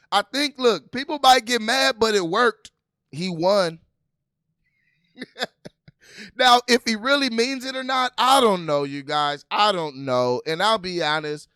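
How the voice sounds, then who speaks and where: A man doing casual, animated livestream commentary, reading news aloud and laughing with his viewers. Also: high voice, clean tone, no room sound, studio quality. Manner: animated, laughing, talks to viewers as "you guys"; reads news aloud while scrolling. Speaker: political commentary vlogger.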